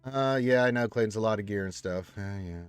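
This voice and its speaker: A man's voice: lowish voice, fairly quick, clear, resonant tone, dry recording, soft background music. A man hosting a casual live stream, reading viewer comments aloud and chatting back from a room full of action figures.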